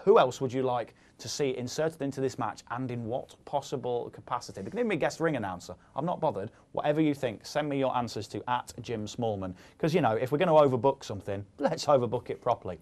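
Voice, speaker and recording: Fast-talking jokey host. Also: male voice, mid-range voice, a little mellow. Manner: jokey, quick, lots of ums. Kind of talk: casual studio chat.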